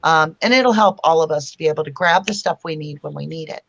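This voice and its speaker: A woman's voice: deep voice, fast talker, creaky, fairly bright tone, highs cut off. A woman hosting a casual live-stream chat from home, chatting loosely and greeting viewers by name as she reads their comments aloud. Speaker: host of a live chat show.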